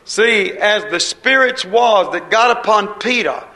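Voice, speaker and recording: A man's voice: sits high, expressive, a little slow, bright, forceful tone, low-quality recording. A man preaching a sermon in a folksy, homespun way, with dialect and quoted voices.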